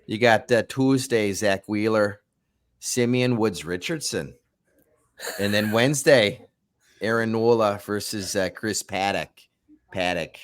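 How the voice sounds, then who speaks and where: A man's voice: on the low side, unhurried. A man hosting a casual baseball talk show, upbeat and laughing easily as he tells stories. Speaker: host.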